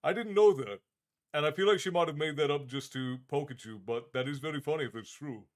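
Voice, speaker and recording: A man's voice: on the high side, quick pace. A man hosting a livestream in a tavern-keeper persona, chatting casually and reading out viewer comments in a friendly, easygoing way with frequent restarts.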